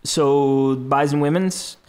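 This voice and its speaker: Mid-pitched man, unhurried guest talk. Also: fairly even intonation, a little mellow, clean tone. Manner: unhurried, many uh fillers, friendly storytelling. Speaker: campus radio staff member, guest. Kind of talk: casual interview talk.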